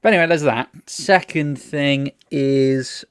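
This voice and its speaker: A man's voice: mid-range voice, a little slow, smooth. A man co-hosting a casual podcast, telling rambling, sweary stories full of restarts. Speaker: podcast co-host. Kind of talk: casual chat.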